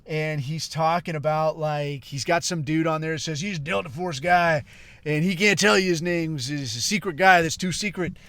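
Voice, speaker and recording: A middle-aged podcast host goes on a casual, profanity-heavy rant, constantly saying "dude" and "bro." His fairly high, bright voice holds a steady tone at normal speed with no echo.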